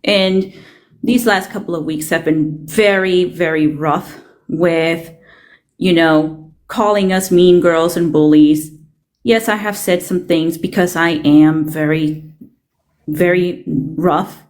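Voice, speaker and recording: A woman's voice: lowish voice, fairly even intonation, slow pace, darkish tone. A woman speaking as a livestream guest, blunt and defensive with many ums. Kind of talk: casual chat.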